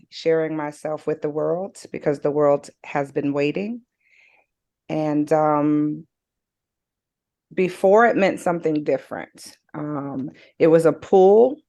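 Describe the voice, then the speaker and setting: Woman on a video call, really low voice, slow and earnest. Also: a little mellow. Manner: earnest, emphatic. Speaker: game participant. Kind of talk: reflective personal sharing.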